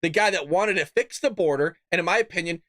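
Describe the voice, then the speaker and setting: Furious male podcast host, profane political rant, high-pitched and close, dry sound. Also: fast talker, fairly bright tone, dry recording. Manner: angry, profane ranting; mocking put-on voices for quoted opponents.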